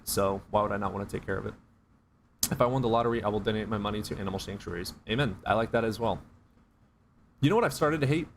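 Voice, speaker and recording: A man's voice: fairly low pitch, fairly bright tone, slight background noise. A man casually answering viewers' chat on a live stream, joking and swearing as he rambles.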